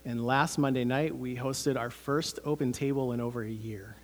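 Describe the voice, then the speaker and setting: A man's voice: mid-range voice, steady tone, normal speed. A man, preaching a sermon as pastor, earnest and conversational with many fillers.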